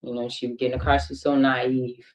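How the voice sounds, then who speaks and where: A woman's voice: very deep voice, flat delivery, a little fast, rough recording. Hesitant Midwestern woman giving a witness statement. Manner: hesitant and rambling, full of "you know". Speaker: witness in a police interview. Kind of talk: recorded police interview.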